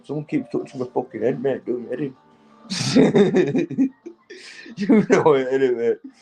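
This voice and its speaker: A British man, high, rambling loosely and laughing between crude remarks while chatting on a livestream. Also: expressive, measured pace, dark tone, soft background music, rough recording. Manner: rambling, sweary, laughs often. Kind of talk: rambling casual livestream chat.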